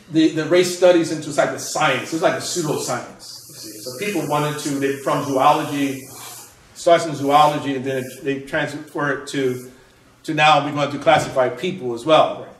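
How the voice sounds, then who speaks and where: Man lecturing, fairly high voice, roomy echo, distant mic, explanatory, restarts phrases. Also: normal speed. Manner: explanatory, frequent rhetorical "right?" checks and restarts. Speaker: author and Islamic scholar. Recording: echoey room, mic at a distance.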